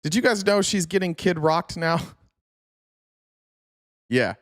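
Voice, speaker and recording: A man's voice: high-pitched, expressive, slow pace, dry recording, studio quality. A man hosting a political livestream, sarcastic and joking, answering his chat as he goes. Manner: sarcastic, talks back to chat. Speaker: host. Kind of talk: casual political livestream commentary.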